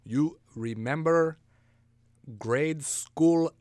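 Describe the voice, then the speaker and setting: A man's voice: a little high, drawn-out words, a little mellow, no echo. A man hosting a casual solo podcast, rambling through crude jokes, mocking himself and laughing at his own bits. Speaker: podcast host.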